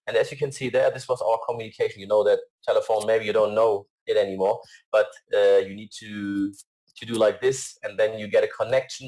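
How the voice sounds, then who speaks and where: Hesitant man presenting slides, low voice. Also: darkish tone, poor audio. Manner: hesitant, many fillers and restarts. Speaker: company CEO presenting.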